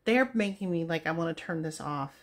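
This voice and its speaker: A woman's voice: low voice, animated, fairly quick. A woman in her forties rambling sarcastically in a casual chat while reacting to a movie, a little out of breath from walking. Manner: chatty, sarcastic, easily amused.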